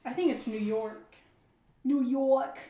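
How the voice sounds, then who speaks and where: A woman's voice: high-pitched, fairly even intonation, slow, mellow. A woman co-hosting a casual podcast, answering quiz questions with goofy jokes and frequent laughter. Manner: goofy, joking, laughs a lot. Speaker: podcast co-host taking a quiz. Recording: echoey room with faint ambient noise.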